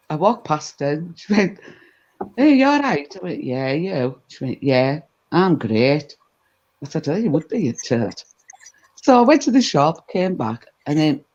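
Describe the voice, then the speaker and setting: A woman telling a gossipy anecdote in a casual chat, animated and full of asides. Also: deep voice. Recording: dull lo-fi recording.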